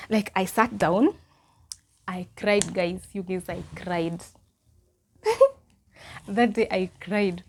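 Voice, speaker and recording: A young woman with a Kenyan accent tells a personal story straight to her viewers. Her delivery is animated and chatty, and she drops Swahili phrases into her English. Her pitch sits in a middle range. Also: slow, pauses often, a little hiss or hum. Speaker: vlogger. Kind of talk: casual storytime.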